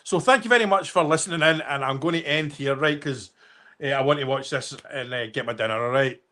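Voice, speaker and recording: A man's voice: mid-range voice, a little fast, pushed and bright. A Scottish man hosting a casual livestream, rambling and swearing as he reads out viewer comments. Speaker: livestream host.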